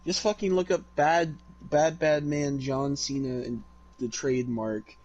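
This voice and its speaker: A man of middle pitch chats about wrestling on a podcast, filling in backstory for his co-host. He laughs a lot and swears casually. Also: fairly even intonation, measured pace, darkish tone, dull audio. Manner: laughing, profane, explains backstory. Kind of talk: casual wrestling recap chat.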